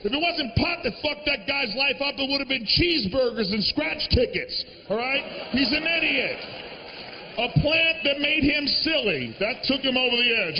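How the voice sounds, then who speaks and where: A man doing a stand-up comedy set on a live stage, brash and profane, breaking into shouted rants into a handheld mic. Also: very high-pitched, expressive, moderate pace, long reverb tail. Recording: dull lo-fi live recording.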